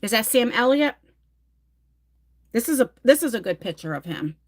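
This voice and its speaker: Speaking at a normal speed, this livestream host has a slightly high voice with big swings in pitch. She's a middle-aged New Jersey woman with a local accent who chats casually, wanders off topic, and reads out comments from viewers.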